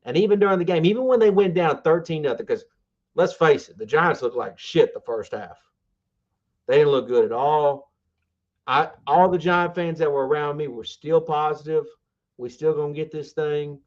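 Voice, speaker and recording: A podcast co-host chats casually about sports, rambling and enthusiastic, with plenty of fillers and restarts. His voice is a little high and runs at normal speed, though the audio sounds dull.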